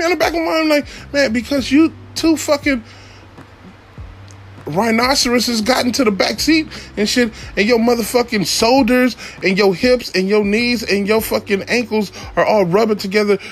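A man, a father and rideshare driver, telling a profane comic story, shouting high then muttering low. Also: slight background noise. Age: adult father.

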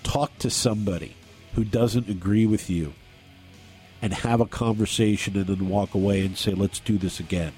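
A man hosting a talk radio show, speaking earnestly and haltingly, often restarting his sentences. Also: on the low side, steady tone, warm tone, faint music behind. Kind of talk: talk radio, on-air remarks. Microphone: studio microphone.

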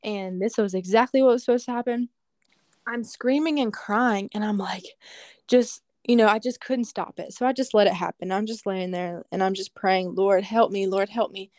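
A woman's voice: mid-range voice, moderate pace, no room sound, studio quality. Earnest woman telling a personal story. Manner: earnest and animated, with casual fillers. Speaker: guest sharing a testimony.

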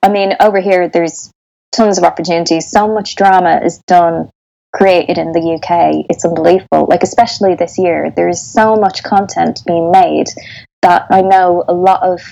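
An Irish woman in her thirties chats as an interview guest in a fairly low voice. She talks in loose, rambling sentences, restarting often. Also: fairly even intonation, moderate pace, vocal fry, mellow, dull audio. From Ireland. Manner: chatty, with frequent restarts and laughter. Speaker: sound engineer, interview guest. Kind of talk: casual interview.

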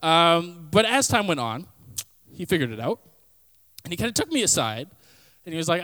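Casual, lively young preacher. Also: male voice, on the high side, moderate pace, pauses often. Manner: casual storytelling with comic quoted voices; frequent fillers like "like" and "kinda". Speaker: youth pastor. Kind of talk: sermon.

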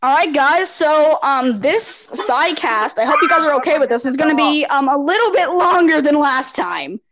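A woman's voice: high-pitched, animated, normal speed, a bit bright, a little hiss or hum, rough recording. A young woman hosting a casual podcast over a group call, bossily herding her guests. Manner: bossy, herds the group. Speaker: podcast host. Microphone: online voice call.

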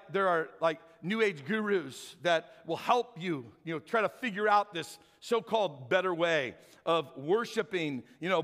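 A man preaching a sermon as pastor, telling stories with acted-out dialogue. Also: high-pitched. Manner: animated storytelling, acts out dialogue. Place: church sanctuary. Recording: hall reverb from church sanctuary.

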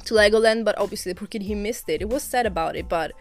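A young woman from Italy talks through her own podcast in a loose, rambling way, restarting sentences and laughing lightly. Her voice sits at a middle pitch. Faint music plays underneath. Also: fast talker. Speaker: podcast host. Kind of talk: casual solo podcast chat.

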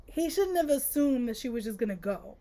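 A woman's voice: fairly high pitch, a little fast. A woman co-hosting a podcast, chatting casually and sassily about a book, often exasperated. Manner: sassy, exasperated, animated. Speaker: podcast co-host.

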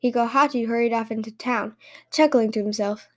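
A woman host reading fairy tales aloud in lively storytelling narration. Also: fairly high pitch, brisk.

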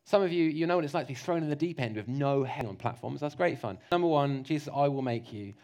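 A man preaching a lively, jokey sermon, slipping into mock voices to make his points. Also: mid-range voice, fast.

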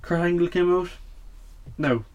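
A man's voice: high-pitched, a little slow. Blunt, swearing man recapping. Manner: blunt, swears, opinionated, many fillers. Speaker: wrestling podcast host. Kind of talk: casual weekly show recap.

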